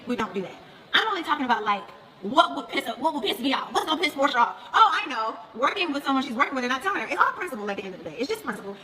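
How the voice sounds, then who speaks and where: High, bright, fast-talking woman gossiping. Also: long reverb tail, a little hiss or hum. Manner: animated storytelling, acting out both sides of conversations; blunt, profane, laughs often. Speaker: reality show cast member talking to viewers. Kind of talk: casual gossip chat.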